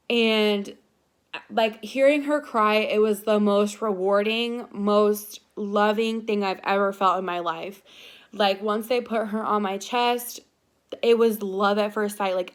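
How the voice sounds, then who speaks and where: Chatty young woman telling a story. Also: medium pitch. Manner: chatty, filler-heavy, animated retelling. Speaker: vlogger. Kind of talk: casual storytelling.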